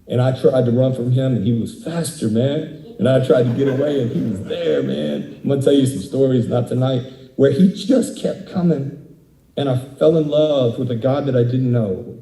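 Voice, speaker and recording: A man's voice: mid-range voice, warm tone, reverberant, low-quality recording. A man giving a candid, conversational sermon as a guest speaker, laughing often as he talks. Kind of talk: interactive sermon. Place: church hall.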